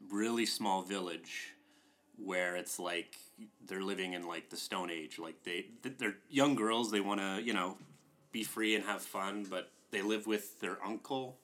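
A man with a lowish voice retells a film's story in a relaxed, chatty way. His tone is bright and forceful. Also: a little slow. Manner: relaxed storytelling, many fillers. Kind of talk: casual film chat.

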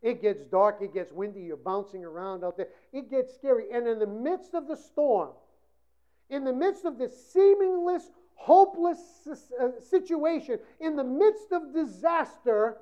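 A woman preaching a sermon with passion, swinging between loud emphasis and hushed passages. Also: sits high, animated, unhurried. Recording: dull lo-fi recording.

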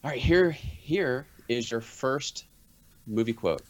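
A man's voice: medium pitch, animated, slow, lo-fi sound. A man hosting a casual movie quote guessing game, reading quotes in playful put-on voices. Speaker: quiz host.

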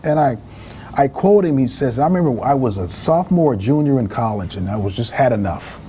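A middle-aged man from California telling a personal story in an interview, acting out quoted voices with lively pitch swings. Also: fairly quick, a little hiss or hum. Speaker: guest author.

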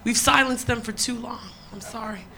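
A woman's voice: on the high side, steady tone, normal speed, vocal fry, noisy background. A woman comedian performing a punchy, profane stand-up set on a live stage.

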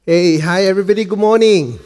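A Malaysian-accented guest pastor opens his sermon in a chatty, joking way, frequently tacking on "okay?". His high-pitched, darkish voice runs a little fast, with some chatter behind him and long hall reverb in the church auditorium.

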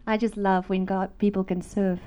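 A middle-aged woman, telling a fervent church testimony in an animated, storytelling way. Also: mid-range voice, normal speed. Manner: animated storytelling, laughing, acting out voices; fervent, preaching. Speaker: speaker giving a testimony.

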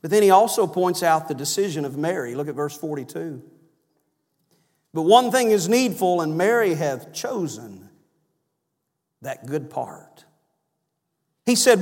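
A man preaching a sermon in church, swinging from loud emphatic cries down to low, soft phrases. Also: big pitch swings, measured pace, pauses often. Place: church sanctuary. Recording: long church reverb.

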